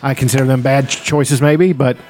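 Chill guy, middle pitch, kinda measured, casual podcast talk. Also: level tone, a little mellow, faint music behind. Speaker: podcast co-host. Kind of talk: casual chat.

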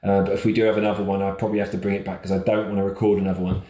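A man's voice: deep voice, very fast. Rambling man in an echoey room. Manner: rambling, self-mocking, animated storyteller. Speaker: guest. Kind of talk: casual anecdote telling. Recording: roomy echo.

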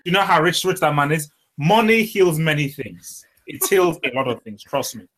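A man with a slightly high voice co-hosts a football podcast. He pushes back on the others with incredulous, insistent retorts. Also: lively intonation, normal speed, fairly bright tone. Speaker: podcast co-host. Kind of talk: casual sports chat.

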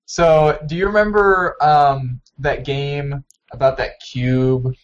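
A man's voice: on the high side, steady tone, slow pace, lo-fi sound. A young man co-hosting a casual gaming podcast, chatty and upbeat with some teasing. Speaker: podcast co-host. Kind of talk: casual chat.

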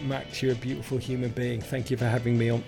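A man's voice: mid-range voice, flat delivery, fast talker, creaky, over loud music. A middle-aged English man, a guest author talking in a casual interview, emphatic and wry.

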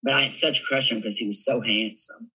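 A man with a Southern US accent, a guest telling funny stories in a giggly, animated way. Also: mid-range voice, fast talker, breathy edge, poor audio. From Tennessee, USA. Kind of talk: casual storytelling interview.

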